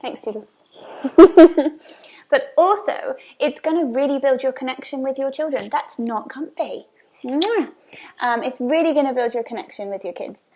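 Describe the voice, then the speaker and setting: A woman's voice: high-pitched, brisk, hardly any pauses, darkish tone. Earnest woman talking parenting to camera. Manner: earnest, repeats key phrases for emphasis. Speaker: parenting vlogger. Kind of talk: casual talk to camera.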